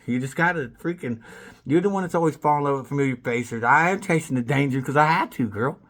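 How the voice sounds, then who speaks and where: Excitable man rambling with a bright voice. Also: mid-range voice, fast talker. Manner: rambling, with restarts and bursts of laughter; swears freely and speaks casually. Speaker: vlogger. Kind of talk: rambling spoken monologue.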